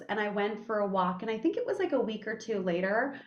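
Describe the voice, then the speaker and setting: A woman's voice: medium pitch, a little fast, slight background noise. Candid woman host in an echoey room. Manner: candid, animated storyteller who swears freely. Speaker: podcast host. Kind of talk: casual interview chat. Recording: echoey room, dull lo-fi sound.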